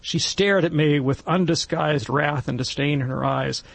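A man's voice: on the high side, normal speed, gravelly, no room sound. A middle-aged man on a Catholic discussion panel, telling a story in a casual way and acting out the voices he quotes. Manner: animated, acts out quoted voices.

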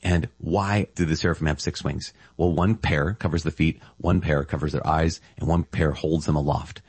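A man's voice: extremely low pitch, fairly even intonation, moderate pace, darkish tone, breathy edge, no room sound. A man giving a casual, enthusiastic reflection on scripture as a Catholic preacher, often marvelling aloud.

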